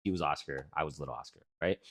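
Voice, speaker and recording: Rumbling low and very fast, this twenty-something podcast co-host chats casually. His stories wander, swear freely, and come alive with animation, stuffed with fillers.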